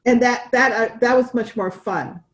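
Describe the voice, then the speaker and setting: A woman's voice: on the high side, moderate pace, poor audio. A woman co-hosting a casual cross-stitch chat, chatty and wandering, with restarts. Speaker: cross-stitch podcast co-host.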